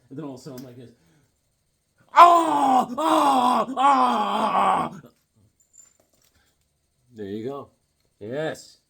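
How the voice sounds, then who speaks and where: A man's voice: a little high, husky. A man casually chatting about his comic books, rambling and cracking corny one-liners. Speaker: comic book vlogger. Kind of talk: casual comedic chat.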